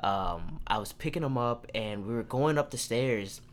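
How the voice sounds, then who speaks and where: A man's voice: mid-range voice, expressive, normal speed. A young man hosting a podcast, telling a story casually, acting out quotes and swearing freely. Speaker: podcast host.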